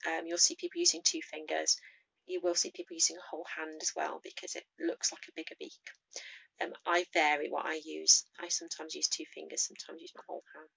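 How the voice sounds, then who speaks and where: A woman teaching beginners the names of farm animals in French, speaking slowly and patiently as she shows how each sound is made. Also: deep voice, creaky, sharp tone, breathy edge, dull audio. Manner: slow, patient, demonstrates pronunciation. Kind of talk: language lesson for beginners.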